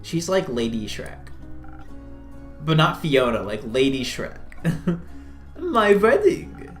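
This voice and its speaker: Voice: medium pitch, expressive, slow. A streamer casually chatting over a narrative game, laughing and commenting on their own accents and greeting chat, who also plays the innkeeper in a near-natural voice. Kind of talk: casual let's-play commentary. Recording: echoey room with faint music.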